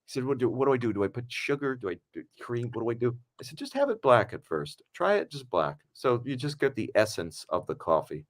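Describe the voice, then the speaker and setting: A man hosting a casual podcast, telling animated anecdotes and acting out the quotes. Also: medium pitch, a little fast, few pauses. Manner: animated storyteller, acts out quotes. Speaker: podcast host and film director.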